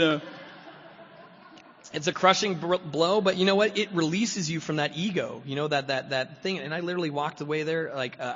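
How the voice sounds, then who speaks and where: A man speaking as guest at a recovery meeting, telling his story in a lively way and acting out what other people said, getting loud when excited. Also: fairly high pitch. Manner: animated, acts out voices of others, grows loud when excited. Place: meeting hall. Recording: echoey hall, dull lo-fi recording.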